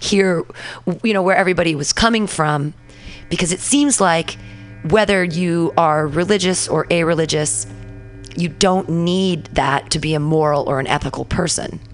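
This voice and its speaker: Low-voiced woman hosting a casual chat. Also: moderate pace. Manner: relaxed, opinionated, frequent short agreements. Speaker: host.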